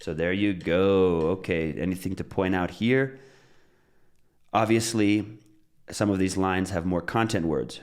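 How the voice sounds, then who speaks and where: Deep-voiced man teaching pronunciation. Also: unhurried. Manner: relaxed, explains with examples and repeats phrases. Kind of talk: casual spoken lesson.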